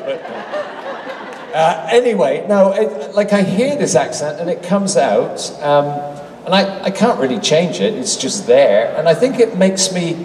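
Answering fans' questions during a convention panel, an actor from England in his sixties jokes at his own expense in a British accent. His voice is a little high and darkish in tone, with big pitch swings and a measured pace. The audio comes from a distance, off-mic in an echoey large convention hall, with slight background noise.

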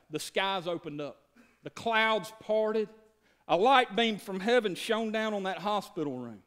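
A pastor in his thirties delivers a sermon with a notably high-pitched voice for a man. He talks folksily and with humor, doubling words as he goes. His delivery is that of a plain-spoken preacher chatting with his flock. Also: a bit bright. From Georgia, USA. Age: 30s. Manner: folksy, joking, stammers and repeats words.

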